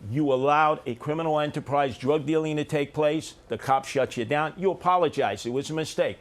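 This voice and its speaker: A man's voice: a little high, a little fast. A man, a mayoral candidate and longtime radio talker, speaking bluntly in short punchy phrases in a live TV studio debate.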